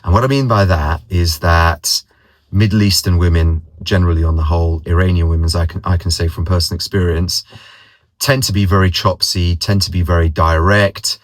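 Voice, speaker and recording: Casual vlogger: man, very low voice, dry close sound, rambling anecdotes. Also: steady tone, brisk, no echo. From London, England. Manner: rambling, repeats words, mimics others' voices in anecdotes. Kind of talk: casual personal storytelling.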